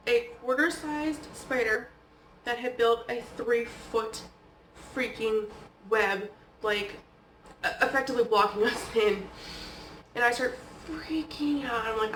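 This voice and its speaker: A woman's voice: on the high side, slow pace, long pauses, a bit bright, a little hiss or hum. A woman vlogger telling personal stories in a casual, chatty way, often dropping "like" and "okay?". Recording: echoey room, distant from the mic.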